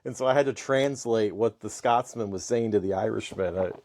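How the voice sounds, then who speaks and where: Brief: American male podcast co-host, very low voice, reads listener questions and gives long, chatty answers. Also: a little fast, darkish tone. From United States. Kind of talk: casual chat.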